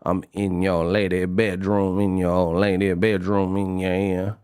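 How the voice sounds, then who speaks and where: A man voicing a swaggering New Orleans street guy with a deep, drawling put-on New Orleans accent. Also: level tone, measured pace, a little mellow, clean tone, no echo, studio quality. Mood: boastful.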